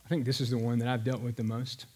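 A man preaching a sermon in a conversational, animated storytelling manner. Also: medium pitch, fast, husky. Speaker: pastor.

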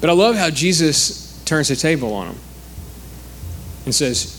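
Man, preacher, conversational sermon, animated quotes, fairly high voice, faint background noise. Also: a little slow, long pauses.

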